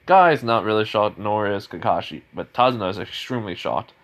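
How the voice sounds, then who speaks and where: A man's voice: on the low side, lively intonation, fairly quick, a bit bright. A man improvising a spoken fan story in a rambling, casual way, full of restarts and chuckles.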